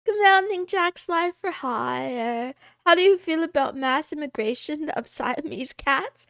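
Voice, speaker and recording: A playful, giggly woman talks with her viewers on a casual livestream, meowing now and then in a cat persona. Her voice sits high and swoops up and down a lot, and she takes her time over the words. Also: animated, unhurried, vocal fry, hardly any pauses, a bit bright, no room sound, studio quality. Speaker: VTuber streamer. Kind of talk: casual livestream chat, reading out viewer names.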